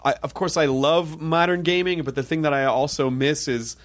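An American man with a slightly high voice hosts a relaxed chat. He trades quick jokes, then trips over his words as he restarts his thoughts. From United States. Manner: jokey, quick quips, stammering restarts. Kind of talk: casual conversation.

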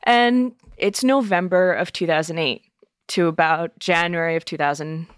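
A woman's voice: fairly low pitch, normal speed, no room sound, studio quality. A young adult woman from Massachusetts, telling her story in a casual interview, with lots of "you know" and "um". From Massachusetts, USA. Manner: chatty, full of fillers like "you know" and "um". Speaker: interview guest, wine buyer.

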